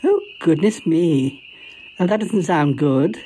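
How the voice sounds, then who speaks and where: A woman's voice: sits low, lively intonation, slow pace, mellow, a little hiss or hum, low-quality recording. A woman voicing a genteel caller in a comedy audio drama, who calls everyone darling and dear. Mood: fond. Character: genteel, fond woman calling on the phone.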